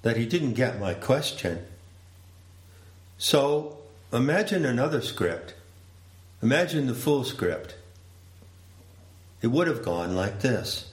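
Slow, deliberate male storyteller. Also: medium pitch, very animated. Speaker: speaker. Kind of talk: storytelling talk. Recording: roomy echo.

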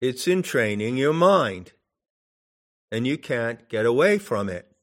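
A male meditation teacher talks at a very unhurried pace, musing aloud with long pauses between his phrases. His voice sits at an ordinary middle pitch, and he turns each point over carefully as he goes. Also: sing-song. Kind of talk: spoken dharma instruction.

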